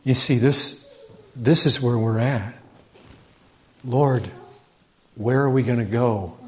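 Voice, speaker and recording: A man preaching a sermon, animated, asking the congregation rhetorical questions and stressing points with rising emphasis. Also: medium pitch, slow.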